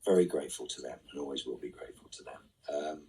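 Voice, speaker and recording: Deep breathy guy doing a fan q&a stream, dry jokes, sounds a bit far off the mic. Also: fast talker, mellow. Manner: reads questions aloud, then answers with dry quips. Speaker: actor answering fan questions. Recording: voice set back from the mic.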